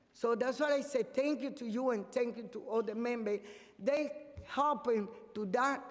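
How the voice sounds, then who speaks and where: A man whose first language is Spanish, giving earnest, halting testimony at a public hearing and pleading with the committee. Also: extremely high pitch. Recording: echoey council hearing room.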